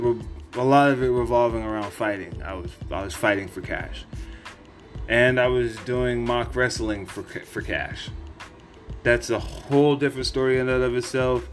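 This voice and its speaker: A man hosting a podcast, telling a personal story in a candid, rambling way with plenty of cursing. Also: mid-range voice. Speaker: podcast host.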